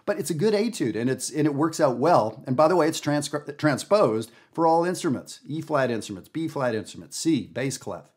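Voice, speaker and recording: A man hosting a jazz podcast, teaching in a casual, animated, emphatic way with everyday fillers. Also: fairly high pitch, normal speed, hardly any pauses, husky. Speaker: jazz educator and podcast host.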